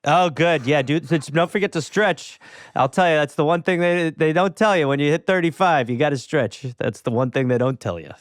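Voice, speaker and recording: A man's voice: fairly high pitch, a little fast, no room sound, clean studio sound, lightly acted. A man playing a bubbly, talkative middle-aged gym-rat dad who chats with everyone. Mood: chummy. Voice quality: jokey, talkative, overbearing.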